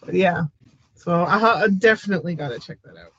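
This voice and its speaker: A woman's voice: on the low side, brisk, a bit bright, lo-fi sound. A Canadian woman co-hosting a podcast in casual chat, laughing often and hesitating with lots of fillers. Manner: giggly, hesitant, many fillers. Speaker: podcast co-host.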